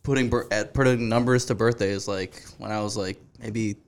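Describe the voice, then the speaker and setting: A man's voice: lowish voice, fairly even intonation, moderate pace. A man in his twenties, a podcast guest, talking in a laid-back, hesitant way full of likes. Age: 20s. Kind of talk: casual chat.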